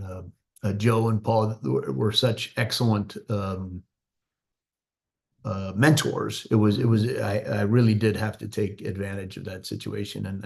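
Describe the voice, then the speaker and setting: A middle-aged man speaks as a guest in a casual interview. His voice is fairly low, with a gravelly fry. He hesitates often and restarts his sentences. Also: darkish tone. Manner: halting, many fillers and restarts. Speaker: writer-director, interview guest.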